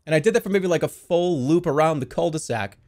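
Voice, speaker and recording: A young man casually telling the story of a strange dream, rambling and swearing, with sudden loud panicked outbursts. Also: a little high, fast. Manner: rambling, swears a lot, restarts, jumps into loud panicked quotes.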